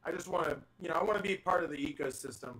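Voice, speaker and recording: A man's voice: on the high side, racing, bright, forceful tone, poor audio. A man hosting a live online audio chat, enthusiastic and rambling with lots of fillers. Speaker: host of a live audio space.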